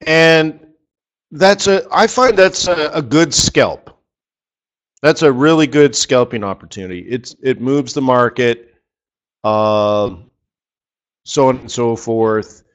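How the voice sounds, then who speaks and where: A man's voice: mid-range voice, slow pace, pauses often. A man coaching traders in a live webinar lesson, talking in a chatty, joking way and throwing out rhetorical questions. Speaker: forex trading coach.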